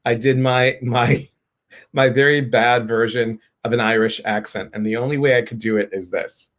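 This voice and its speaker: An excited, bubbly man hosting a casual live stream. He greets viewers one by one with lively enthusiasm. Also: medium pitch, normal speed.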